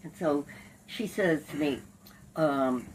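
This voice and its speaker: An older woman, a lawyer and activist, recounting her life in an oral history interview, lively and salty, acting out the people in her stories. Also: low-pitched, takes it slowly, distant mic, a little hiss or hum, rough recording. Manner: lively raconteur, laughs and curses while acting out scenes.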